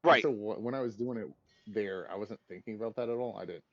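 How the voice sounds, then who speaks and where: Gravelly low-voiced young man chatting. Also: fast talker, dry recording. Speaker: streamer. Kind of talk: casual chat about a video game. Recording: dull lo-fi dry mic.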